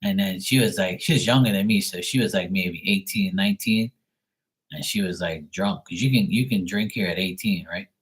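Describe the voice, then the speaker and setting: Husky, low-voiced man rambling on a live stream. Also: normal speed. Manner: rambling, profane, blunt. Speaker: live tarot reading host. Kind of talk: casual storytelling on a live stream.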